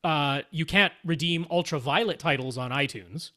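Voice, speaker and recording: A man from Canada with a fairly high voice, co-hosting a casual podcast. He walks through technical details at length and laughs now and then as he talks. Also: moderate pace, sharp tone. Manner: explanatory, technical, laughs often. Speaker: podcast co-host.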